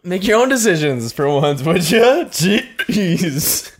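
A man's voice: high voice, big pitch swings, slow pace, husky. A man co-hosting a casual podcast, joking crudely and laughing a lot while fighting hiccups. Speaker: podcast co-host.

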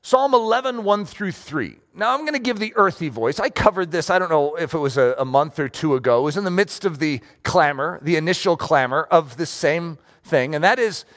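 Male pastor, sermon; high voice that swings widely, casual and animated, keeps asking "okay?". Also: a little fast, hardly any pauses. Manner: animated, conversational, checks in with "okay?".

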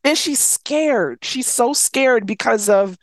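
A woman co-hosting a podcast recaps a book in casual chat, acting out the characters' lines and swearing freely. Her voice is on the high side with lively intonation, she speaks slowly, and there's no room sound.

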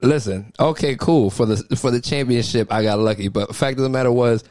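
A man's voice: mid-range voice, a little fast, a little mellow, no room sound. Chill young guy cohosting a podcast, medium voice, dry close sound, swears a lot. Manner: laid-back, profane, teasing. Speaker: podcast co-host. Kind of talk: casual podcast banter.

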